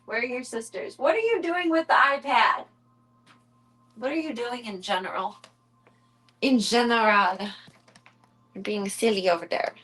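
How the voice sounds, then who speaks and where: Streamer, woman, higher voice, casual home chat, slips into high cooing baby talk for the kittens. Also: a little slow, long pauses, fairly bright tone, rough recording. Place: home room with cat enclosure.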